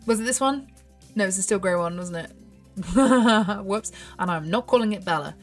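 A woman's voice: medium pitch, moderate pace, soft background music. A woman chatting casually as she plays a horse game, thinking aloud with giggly asides. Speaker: gaming YouTuber. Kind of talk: casual gameplay commentary.

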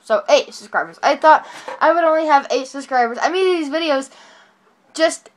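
A woman vlogging casually from her bed at home into a phone, talking excitedly and rambling, correcting herself as she goes. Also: sits high, moderate pace. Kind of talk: casual vlog talking to camera. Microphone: phone camera.

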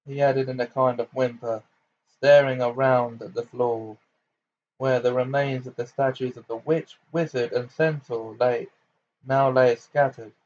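Male audiobook reader, plain steady narration, mid-pitched, slightly muffled home recording. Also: a little slow, slight background noise. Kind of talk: reading a novel aloud.

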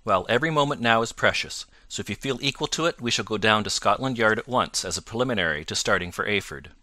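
A man's voice: fairly low pitch, lively intonation, sharp tone, no room sound. A man reading as Sherlock Holmes, cool and precise. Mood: explaining. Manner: measured, precise, self-assured. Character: Sherlock Holmes, calm incisive male detective.

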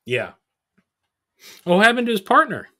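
A man hosting a podcast, recapping a film in a casual, sarcastic, animated way. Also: high voice, a little slow. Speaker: podcast host.

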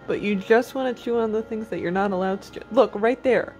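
Woman vlogger, casual, talks to her pet in a playful scolding tone, mid-pitched voice, faint music underneath. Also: fairly quick, a little mellow.

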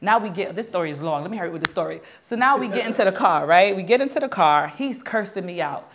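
A young adult woman being interviewed, telling a long story in a lively way and acting out the people in it. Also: mid-range voice, quick pace. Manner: animated, acts out quoted dialogue. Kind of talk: storytelling anecdote.

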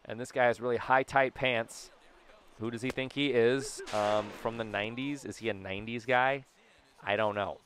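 A young man from Southern California giving casual, jokey commentary over a baseball video game, breaking into yelps and shouts. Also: medium pitch, steady tone, normal speed, a little hiss or hum. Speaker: gaming YouTuber.

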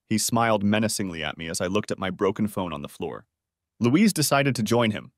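A man narrating a dramatic first-person story in a lively storytelling manner. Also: on the low side, brisk, no room sound, clean studio sound.

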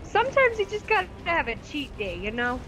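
Bright, lively-voiced giggly woman gamer. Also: high-pitched, brisk. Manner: giggly, playful, laughs often. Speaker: stream co-host. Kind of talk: casual gaming chat.

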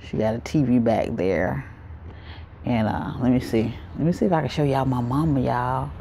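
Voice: mid-range voice, normal speed, vocal fry, dark tone, a little hiss or hum. A vlogger, rambling casually straight to the viewers through a handheld phone camera. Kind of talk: casual vlog talk to viewers.

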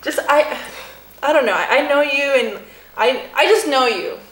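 A young woman with a somewhat high voice co-hosts a casual home vlog. She is giggly and emotional and repeats herself a lot. The room sounds echoey. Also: normal speed, a bit bright, a little hiss or hum. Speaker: vlog co-host, girlfriend.

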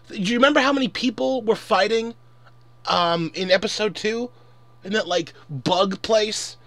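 A man's voice: high voice, moderate pace, a bit bright, dry recording. A man in his twenties ranting angrily and profanely in a casual commentary. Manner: angry, profane, exasperated. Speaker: vlogger.

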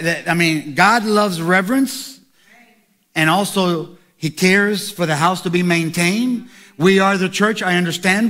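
Middle-aged pastor preaching, high voice, bright edge, goes hushed then shouts. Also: male voice. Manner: preaching that swings from quiet asides to shouted calls. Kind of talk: sermon.

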